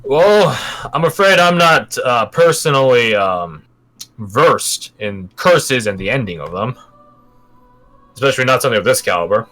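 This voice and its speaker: A man voicing a fussy, learned male gentleman who speaks politely and formally, with background music. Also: medium pitch, lively intonation, a little slow, voice pushed up. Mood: apologetic.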